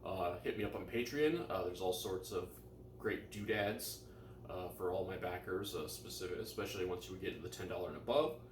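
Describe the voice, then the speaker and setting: Laid-back deep-voiced man in an echoey room. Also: normal speed, slight background noise. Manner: laid-back, self-deprecating, many fillers. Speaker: cooking vlogger. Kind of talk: casual vlog chat. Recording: echoey room, mic some distance away.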